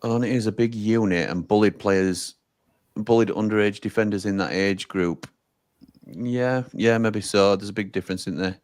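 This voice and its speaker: A man's voice: fairly low pitch, normal speed, a little mellow. A man co-hosting a football watch-along, chatting casually and reading out viewer comments. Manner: chatty, reads out viewer messages.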